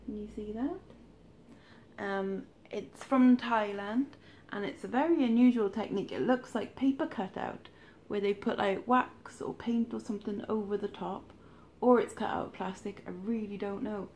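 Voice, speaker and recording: A woman's voice: medium pitch, a little slow, a little mellow, a little hiss or hum. A woman, chatting casually and rambling through a charity shop haul with wry asides. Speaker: charity shop reseller vlogger. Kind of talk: casual haul vlog chat.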